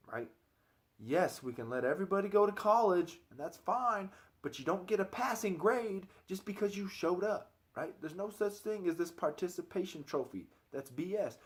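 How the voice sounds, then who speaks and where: A man in his thirties giving an earnest, opinionated vlog monologue, often tagging his points with "right?". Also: sits high. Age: 30s. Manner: chatty, keeps tagging lines with "right?"; earnest, opinionated, repeats himself while he thinks. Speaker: personal trainer vlogger.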